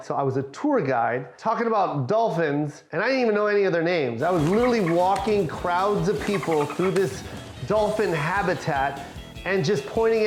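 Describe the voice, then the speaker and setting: A middle-aged male comedian tells a story with big swings in his high, lively voice. He acts out each voice and curses freely. The room is echoey, with faint music underneath. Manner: animated, acts out every voice, swears freely. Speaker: stand-up comedian. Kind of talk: comic storytelling for an animated short. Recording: roomy echo with faint music.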